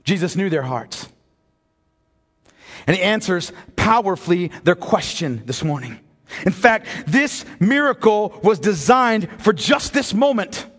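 Male pastor, high and lively voice, animated sermon delivery, long reverb of a church hall. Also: unhurried. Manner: animated storytelling preacher, shifts from jokes to solemn emphasis.

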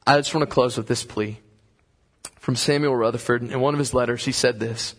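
A man preaching a sermon, earnest and impassioned, moving into slow prayer. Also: medium pitch, fairly even intonation, a bit bright. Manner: impassioned, rising to fervent pleading when reading aloud.

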